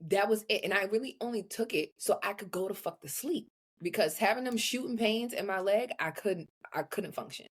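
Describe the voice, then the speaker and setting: A young woman co-hosting a podcast, chatting casually in a blunt, profane, animated way. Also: mid-range voice, brisk, husky. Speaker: podcast co-host. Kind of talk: casual chat.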